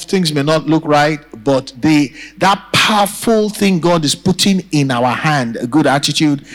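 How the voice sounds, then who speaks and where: Pastor, male, higher-pitched, swooping delivery; emphatic sermon with call-and-response. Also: a bit bright, poor audio. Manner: preaching with call-and-response to the congregation; emphatic, repeats phrases for effect. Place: church.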